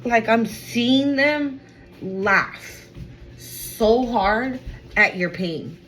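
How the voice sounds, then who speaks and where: A woman's voice: on the high side, expressive, drawn-out words, a bit bright, faint music behind, rough recording. A woman giving a spiritual card reading to her viewers, emphatic and repetitive. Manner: emphatic, repeats phrases, addresses viewers as y'all. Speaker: tarot reader.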